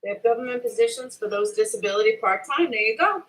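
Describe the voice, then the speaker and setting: Fast and animated, this fairly high, slightly bright female voice comes through a low-quality recording. The middle-aged host is answering her livestream chat, ranting heatedly and casually, swearing heavily, defending herself and repeating what she means.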